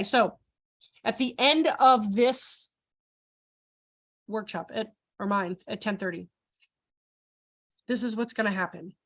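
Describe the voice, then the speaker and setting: Woman, high voice, young adult, workshop trainer, animated, acts out quoted voices. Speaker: child care trainer. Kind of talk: lively workshop talk.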